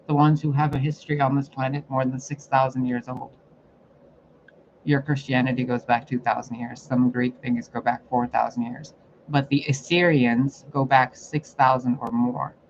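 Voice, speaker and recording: A man delivering a profane, confrontational spiritual rant as a psychic reader. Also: mid-range voice. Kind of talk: ranting spiritual monologue. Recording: muffled lo-fi recording, faint noise.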